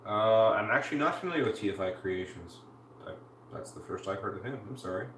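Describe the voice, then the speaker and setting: Building something during a home live stream, a woman from Canada chats casually with her viewers. She has a bass voice with a fairly bright tone, expressive and a little fast, picked up by a roomy, distant mic with faint hiss.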